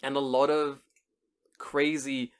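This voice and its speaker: A man's voice: mid-range voice, takes it slowly, smooth. A young man co-hosting a casual podcast, telling a story with swearing and acted-out quotes. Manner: animated storyteller, swears freely, acts out quoted voices. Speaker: podcast co-host. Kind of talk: casual chat.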